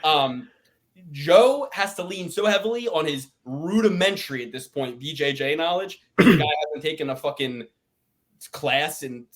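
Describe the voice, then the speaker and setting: A man's voice: on the high side, animated, measured pace. A man co-hosting a podcast, rambling in a casual chat and swearing often as he rants. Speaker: podcast co-host.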